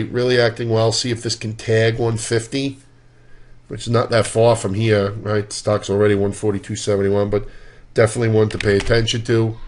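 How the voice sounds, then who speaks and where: A man giving a casual, conversational walkthrough of stock charts, loose in his phrasing and dropping dry, sarcastic asides. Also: lowish voice. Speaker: stock market analyst.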